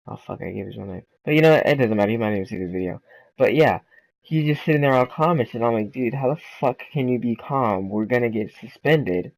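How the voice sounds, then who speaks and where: A man's voice: mid-range voice, dry recording, poor audio. A young man hosting a gaming channel, telling a casual storytime with lots of swearing and "right?" and "like". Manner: quick, loose and informal, lots of "right?" and "like".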